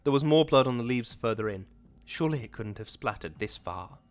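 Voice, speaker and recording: A man narrating an audiobook in a measured, dramatic reading. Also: medium pitch, lively intonation, soft background music. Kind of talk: scripted narration.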